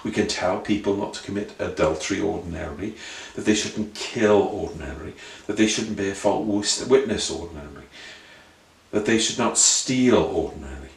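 Guy preaching, kinda low voice, lots of questions, echoey room, a bit far from the mic. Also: moderate pace, creaky. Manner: earnest, questioning, repetitive rhetorical preaching. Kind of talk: sermon. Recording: roomy sound, voice from a distance.

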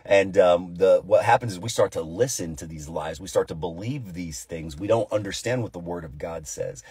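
A man's voice: deep voice, normal speed, a little mellow, husky. A man giving an informal devotional Bible teaching, earnest and repeating phrases for emphasis.

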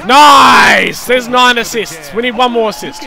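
Man, gaming YouTuber, high-pitched, bright and sharp tone, excitable play-by-play cheering, casual chat to viewers. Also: fairly quick. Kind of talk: live gameplay commentary.

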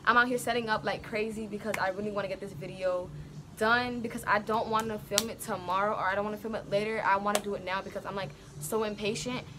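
Chatty excitable woman vlogging outdoors. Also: medium pitch, quick pace. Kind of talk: casual vlog chat. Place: outdoors at home. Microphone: phone camera. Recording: clear outdoor background noise. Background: neighbors' music, outdoor ambience.

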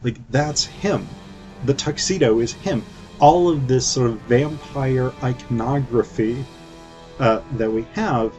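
A man's voice: mid-range voice, takes it slowly, darkish tone. A man giving casual film commentary in a flippant, chatty way, with lots of fillers. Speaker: film reviewer. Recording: dull lo-fi recording with faint music.

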